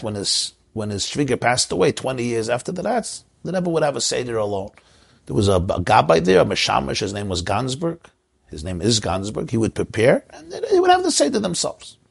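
A man's voice: mid-range voice, very animated, a little fast, creaky, husky. A man, a rabbi from Crown Heights, telling an emotional story in a sermon and mixing in Yiddish and Hebrew words. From Crown Heights, Brooklyn.

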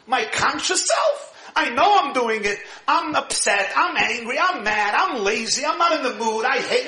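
Teaching a Torah class in an echoey room, this rabbi speaks with a strikingly high, bright voice. His delivery is lively and forceful, and laughter comes often while he explains things.

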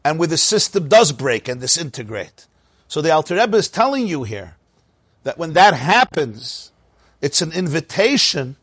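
A middle-aged man teaching a Torah class with a slightly high, husky voice. He talks in an animated way, throwing out rhetorical questions and doubling back on his words. The sound is dry and close, with little room around it. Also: dry recording. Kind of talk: Torah lecture.

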